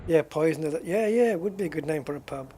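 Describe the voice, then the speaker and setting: A man's voice: a little high, expressive, fast talker, warm tone, slight background noise. A man hosting a gaming channel, rambling through casual, joking commentary as he plays.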